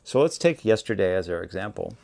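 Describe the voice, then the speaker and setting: A man hosting a songwriting lesson, explaining step by step in a relaxed, conversational way. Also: sits low, fairly quick, gravelly. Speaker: songwriting teacher, show host. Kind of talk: casual instructional talk.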